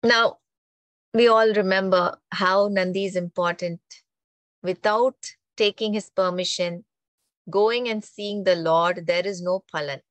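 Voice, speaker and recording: A woman telling a religious story in a lively, conversational way, often checking in with her listeners. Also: mid-range voice, a little slow, dry recording. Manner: animated, conversational, frequent "right?" tags. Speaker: spiritual storyteller. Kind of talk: storytelling talk on mythology.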